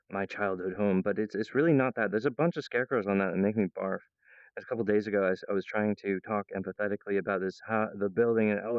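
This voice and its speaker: Rambling low-voiced man, lo-fi audio. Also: clean tone, dry recording. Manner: rambling, jumps between topics, laughs mid-sentence; acts out other people's voices in a high pitch. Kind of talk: rambling monologue to viewers.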